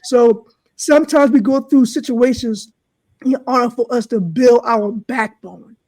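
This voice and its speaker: A woman's voice: on the high side, measured pace, darkish tone, dry recording. Fervent woman coach, dry close sound. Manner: fervent, repeats "right?" to the listeners. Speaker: life coach. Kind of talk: preaching-style podcast talk.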